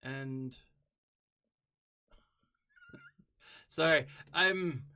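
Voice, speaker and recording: A young adult man streaming a game live, chatting casually and rambling between moves, now and then humming to himself or shouting a greeting to a viewer. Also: mid-range voice, expressive, unhurried, pauses often. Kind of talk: casual live-stream chat while gaming.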